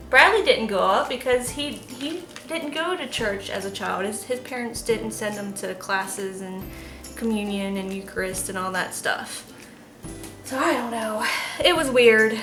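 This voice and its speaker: Bright-voiced woman chatting over soap making. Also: fairly high pitch, roomy sound. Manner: chatty, rambling, many restarts. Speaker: soap maker channel host. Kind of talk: casual storytime while making soap.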